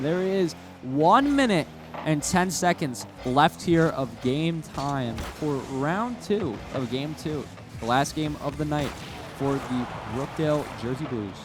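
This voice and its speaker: A man's voice: on the high side, lively intonation, unhurried, background noise. A man doing joking color commentary on an esports match from a college studio set, teasing his partner. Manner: playful, teasing banter. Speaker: esports co-caster.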